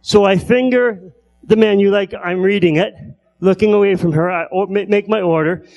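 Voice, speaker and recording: A man doing stand-up comedy who stutters, telling stories with repeated word starts and long pauses. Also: high voice, fairly even intonation, vocal fry, a little mellow, highs cut off. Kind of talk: stand-up storytelling.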